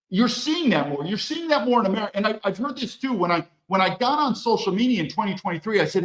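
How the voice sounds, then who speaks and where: A man's voice: sits high, very animated, fast talker, hardly any pauses, fairly bright tone, echoey room, rough recording. A man hosting a solo political monologue, talking emphatically with blunt, profane language and a string of rhetorical questions. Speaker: political commentary host.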